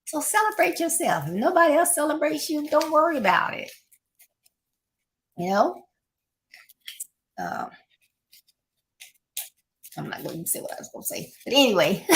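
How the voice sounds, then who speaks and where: Woman, middle-aged, mid-pitched, slightly gravelly, casual motivational podcast talk, repeats points. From Florida, United States. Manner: warm, encouraging, repeats key points with little asides. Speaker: podcast host giving life advice.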